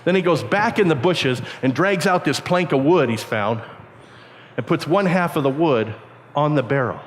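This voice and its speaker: A man telling a lively childhood story to a youth camp, often jumping into high squeaky voices to play the kids he quotes. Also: normal speed, a little hiss or hum. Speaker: camp speaker. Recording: reverberant hall.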